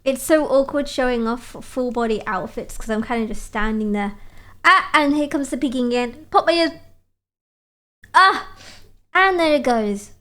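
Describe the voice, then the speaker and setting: A woman's voice: high voice, normal speed, fairly bright tone. A woman streamer chatting casually and playfully, reading out viewer messages and teasing back at a desk mic.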